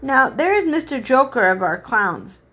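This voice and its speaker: A woman's voice: very animated, normal speed, bright, forceful tone, slightly rough, heavily acted. A woman doing a timid little china princess. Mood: prim. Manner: high and frightened.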